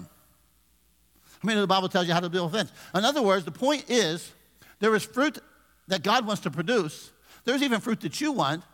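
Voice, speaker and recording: A man's voice: on the high side, a bit bright, long reverb tail. A man in his fifties, a pastor preaching a conversational sermon with humor and questions to the congregation. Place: church sanctuary.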